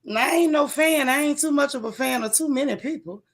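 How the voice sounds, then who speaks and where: She talks fairly quickly in a high voice, hosting a loose, chatty gossip live stream and greeting viewers by name. Out of breath, she speaks in a Southern-tinged African American vernacular, with "child" and "y'all" coming up often.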